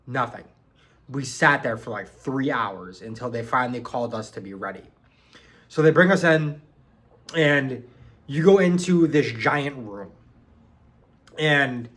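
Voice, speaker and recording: A young vlogger recounts boot camp in a casual, rambling way, using lots of "like" and "um" and swearing freely. His voice is medium in pitch and a bit bright.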